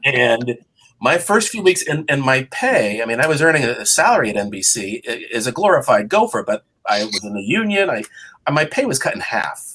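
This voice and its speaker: A man in his fifties, a TV journalist guest, telling animated stories and acting out his past thoughts. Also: mid-range voice, brisk, breathy edge. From Boston area. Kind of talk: storytelling in interview.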